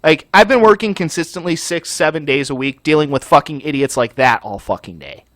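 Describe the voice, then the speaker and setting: Furious, animated swearing gaming host. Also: male voice, a little high, fairly quick, dry recording. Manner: profane, furious, yelling rant. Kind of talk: angry ranting commentary over gameplay.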